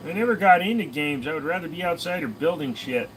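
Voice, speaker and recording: A man's voice: on the high side, expressive, fast, slight background noise, rough recording. Sleepy man riffing crudely with chat. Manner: crude joking, riffing impressions. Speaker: streamer answering chat. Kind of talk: casual late-night chat.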